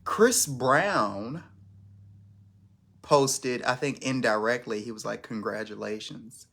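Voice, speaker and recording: A man's voice: medium pitch, lively intonation, slow pace, a bit bright. A man hosting his first live stream, chatting casually in a rambling, self-conscious way with lots of restarts.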